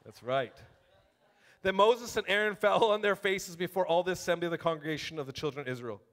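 High-voiced animated male preacher. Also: a little fast. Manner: animated, conversational, addresses congregation directly; reads scripture aloud with rising emphasis. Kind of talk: sermon.

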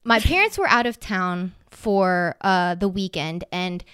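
A woman's voice: lowish voice, a little slow, smooth, dry recording, clean studio sound. A young woman telling a funny story in casual chat, swearing freely and sprinkling in "like". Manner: animated storytelling, swears freely, many "like" fillers.

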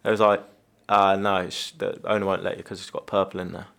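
Low-voiced ex-footballer telling stories. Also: male voice, level tone, fairly quick, vocal fry, fairly bright tone. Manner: anecdotal, swears freely, quotes others in lowered voice. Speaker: former professional footballer. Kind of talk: casual podcast chat.

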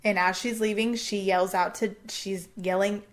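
A woman's voice: mid-range voice, fairly even intonation, normal speed. A young adult woman co-hosting a podcast, casually retelling a true-crime case and swearing freely as she quotes people. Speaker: podcast co-host.

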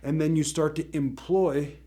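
A man's voice: a little high, steady tone, unhurried, mellow. A man hosting a faith-based teaching show gives a motivational talk in a conversational, emphatic way, often checking in with his listeners.

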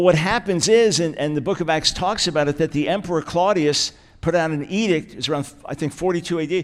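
A man as guest preacher delivering a sermon, emphatic and repeating key words for weight. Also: on the high side.

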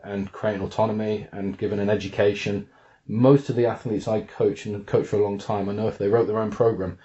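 A coach answers an interview question reflectively, thoughtfully explaining his approach and repeating words as he thinks. His voice is fairly low and a little mellow, and the recording has a dull, lo-fi sound.

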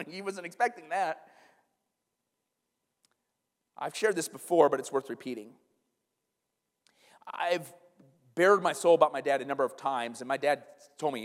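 A man's voice: medium pitch, fairly quick, long reverb tail. A male pastor preaching a sermon earnestly and conversationally, asking rhetorical questions and acting out quotes.

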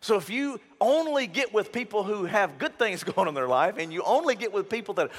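A man's voice: very animated, brisk, few pauses. A male pastor preaching a sermon in a folksy, emphatic style, talking straight to his congregation. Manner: folksy, emphatic preaching with big swings in pitch and volume. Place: church sanctuary. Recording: long hall reverb.

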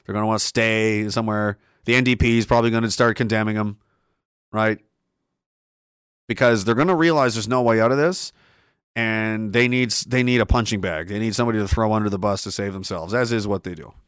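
A man's voice: fairly low pitch, fairly even intonation, a little fast, a bit bright, clean tone, no room sound. Heated man ranting, dry sound. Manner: heated, profane, repetitive. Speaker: livestream host. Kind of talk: ranting livestream commentary.

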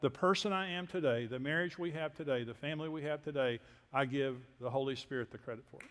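An older man from Texas, a preacher telling personal stories in a sermon with folksy, self-deprecating humor and quiet asides. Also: medium pitch, fast. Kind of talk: sermon storytelling. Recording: long hall reverb.

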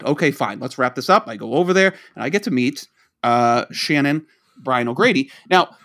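A man's voice: medium pitch, lively intonation, brisk, fairly bright tone. A man from the Boston area, co-hosting a podcast and telling a long rambling story, acting out the dialogue he quotes. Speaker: podcast co-host. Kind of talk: casual storytelling.

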